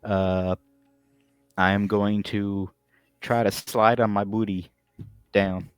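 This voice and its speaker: A man's voice: fairly low pitch, little pitch movement, slow pace, clear, resonant tone, no echo, clean studio sound, faint music behind. A man playing a tabletop game, chatting casually and partly speaking in character. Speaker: player.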